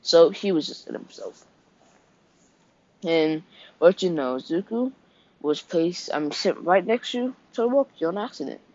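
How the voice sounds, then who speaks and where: A man's voice: high voice, expressive, measured pace, long pauses, darkish tone. A young man casually retelling an improvised fan story, rambling, correcting himself and dropping offhand asides. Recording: dull lo-fi recording.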